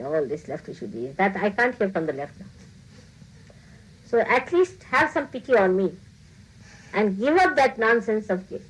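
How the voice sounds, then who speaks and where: A woman's voice: mid-range voice, husky, poor audio. A woman giving a spiritual talk to her followers, scolding them playfully, laughing often and acting out the voices she quotes. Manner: teasing, scolding with frequent laughter. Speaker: spiritual teacher.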